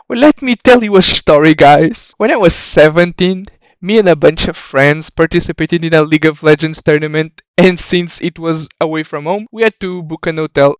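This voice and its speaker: A young man giving sarcastic, mocking comedic commentary, with a voice he calls not very deep. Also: smooth, no room sound. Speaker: YouTube commentator.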